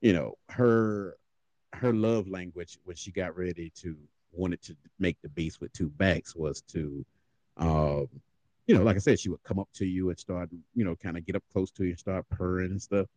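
A man hosting a casual podcast chat, telling stories with lots of laughing and quick impressions. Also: low-pitched, no room sound. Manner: animated storyteller, laughs often, mimics voices. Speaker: podcast host.

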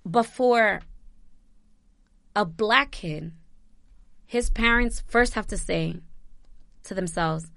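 Impassioned, bright-voiced young woman vlogger. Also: mid-range voice, takes it slowly, vocal fry, pauses often, dry recording, clean studio sound. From New Jersey, USA. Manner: impassioned, swearing, talks in circles. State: close to tears. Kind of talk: emotional personal commentary.

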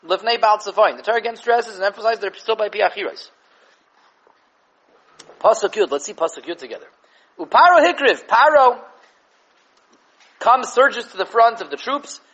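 A man giving an animated Torah class on the weekly portion, mixing Hebrew and Yiddish terms into English and repeating words as he thinks. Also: high voice, brisk, muffled recording. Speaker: Torah teacher.

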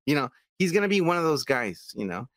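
A man's voice: fairly high pitch, big pitch swings, fast, a bit bright, no room sound. A man co-hosting a podcast in casual chat, emphatic and swearing heavily as he argues his point. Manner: emphatic, heavy swearing, repeats "come on, man". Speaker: podcast co-host.

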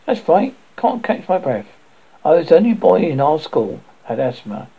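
A man doing a fretful plump schoolboy, raised and husky. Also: sing-song, moderate pace, exaggerated voice. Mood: anxious. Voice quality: raised boyish pitch, plain working-class speech. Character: plump asthmatic schoolboy, anxious and eager to please. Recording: dull lo-fi recording.

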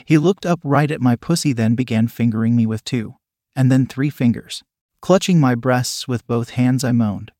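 A man giving a steady, evenly paced first-person story narration. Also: mid-range voice, moderate pace, no room sound, clean studio sound.

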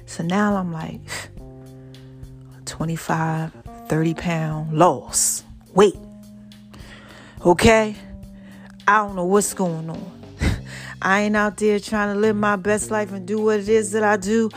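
A woman hosting a podcast, telling a personal story in an expressive, conversational way and talking straight to her listeners. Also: medium pitch. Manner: expressive, conversational, addresses listeners directly as y'all and baby. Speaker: podcast host.

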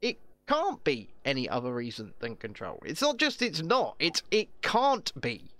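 Sweary ranting guy cohost, super lively pitch, dry close sound. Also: normal speed, no room sound. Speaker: podcast co-host. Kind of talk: sweary political rant chat.

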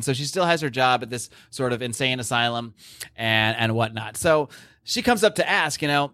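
Recapping a comic book issue on his podcast, a man walks through the plot very animatedly, with lots of fillers and restarts. His mid-range voice is pushed and bright at a moderate pace, with no room sound.

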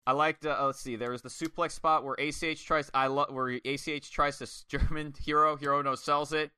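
Excitable, sweary man talking wrestling. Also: fairly high pitch, brisk, clear, resonant tone, no room sound. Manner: excitable, swears a lot, acts out quotes. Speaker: podcast co-host. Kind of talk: casual wrestling review chat.

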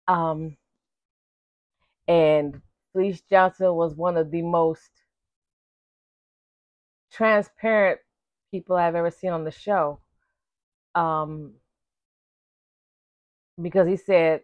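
Chatty hoarse woman, slightly low voice. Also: takes it slowly, pauses often, dry recording. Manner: animated, chatty, calls listeners "baby" and "y'all". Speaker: vlogger. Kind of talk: casual chat to viewers. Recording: dull lo-fi dry recording.

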